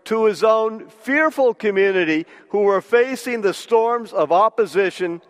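Slow, deliberate preacher in a reverberant church. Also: male voice, high voice. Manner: slow, deliberate, with emphatic pauses. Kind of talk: sermon.

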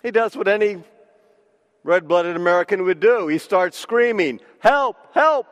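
A man preaching a sermon, slow and deliberate with emphatic pauses. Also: sits high, smooth, long reverb tail.

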